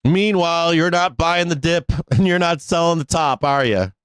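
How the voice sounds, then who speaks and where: A man's voice: a little high, normal speed, a bit bright, clear, resonant tone, no room sound. A middle-aged man hosting a live trading stream, ranting bluntly and sarcastically with plenty of swearing. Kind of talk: casual live-stream rant.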